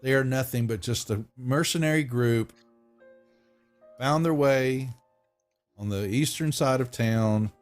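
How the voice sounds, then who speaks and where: A man's voice: medium pitch, measured pace, pauses often, faint music behind, lightly acted. A man voicing a pompous, stubborn town master in a tabletop game, with blustery, officious talk. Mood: wheedling.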